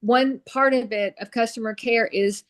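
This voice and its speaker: A woman's voice: fairly high pitch, fairly even intonation, normal speed. Woman chiming in on a team video call. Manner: eager, restarts and self-corrects often. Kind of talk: casual chat on a group video call.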